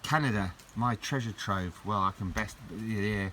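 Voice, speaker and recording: Gushing man, low voice. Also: unhurried, sharp tone, a little hiss or hum. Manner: gushing, rambling, repeats himself. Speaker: collector vlogger opening parcels. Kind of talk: casual unboxing chat.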